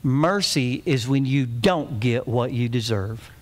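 Contrite young boy, quiet and sincere; man quoting him in his own voice. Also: medium pitch, slow, long reverb tail, a little hiss or hum, voice pushed down, close to an everyday voice. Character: tearful six-year-old boy admitting fault.

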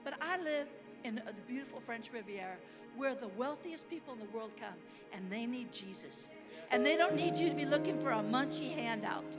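A high-pitched American woman preaching to a congregation in a church hall with a long echo. She is animated and leads call-and-response. Music plays behind her. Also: fairly quick. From United States. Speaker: guest missionary preacher. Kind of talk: sermon.

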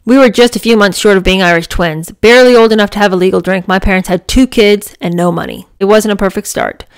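A woman's voice: mid-range voice, fast talker, clean tone. A woman reads chapters of a memoir aloud, then stops to share her reactions. She talks in a chatty, enthusiastic way with plenty of fillers between the read passages. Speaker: book reader and reviewer. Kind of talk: memoir reading with casual commentary.

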